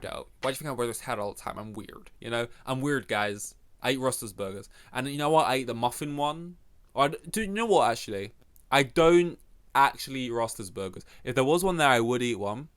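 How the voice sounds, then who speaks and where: A man's voice: mid-range voice, fairly bright tone. A young man with an English accent, hosting a solo podcast and rambling through a casual, profane, self-mocking rant. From England. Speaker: podcast host.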